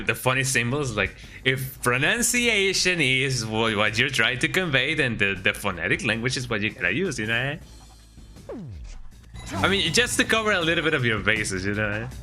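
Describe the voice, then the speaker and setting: Man, game streamer, very bright forceful voice, casual rambling chat, tags lines with "eh?", faint game music behind. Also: mid-range voice. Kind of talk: casual live-stream chat while gaming.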